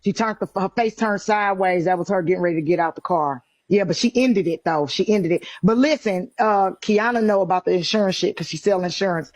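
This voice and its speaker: A woman's voice: medium pitch, a little fast, few pauses, a little mellow, dry recording, clean studio sound. A woman talking emphatically in casual live-stream chat, repeating her points in colloquial slang over her phone.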